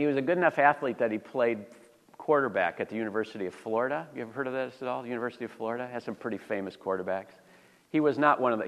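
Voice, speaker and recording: Conversational male preacher in a reverberant church. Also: mid-range voice. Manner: conversational preaching with rhetorical questions. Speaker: pastor. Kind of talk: sermon. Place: church sanctuary. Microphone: handheld or stand mic. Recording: long reverb of a church hall.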